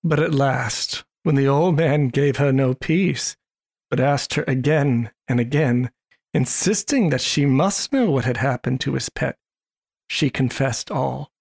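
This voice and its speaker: Narrator, gravelly, creaky voice, storybook reading, measured. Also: mid-range voice. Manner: measured, expressive read-aloud.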